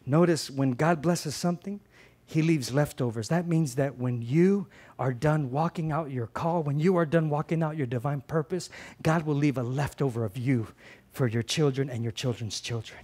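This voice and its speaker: A middle-aged man preaching a sermon as pastor, passionate, swinging from loud emphatic lines to quiet earnest ones and repeating phrases for emphasis. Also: on the high side, normal speed, breathy edge.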